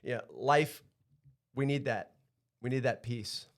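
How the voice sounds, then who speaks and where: A man's voice: mid-range voice, slow pace. A man who runs a surf school, a podcast guest talking casually and reflectively, often restarting his sentences. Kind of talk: casual conversation.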